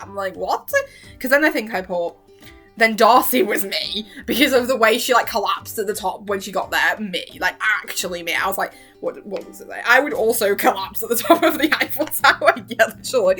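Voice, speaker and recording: A young woman rambles excitedly about a show she has watched. Her pitch swings widely as she mimics characters and breaks into frequent laughs. Her tone is bright and sharp, with faint music behind her. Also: breathy edge. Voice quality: strained voice after long talking. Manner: animated, laughs often, acts out quotes with exaggerated voices. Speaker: vlogger. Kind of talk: casual chat reviewing a TV show.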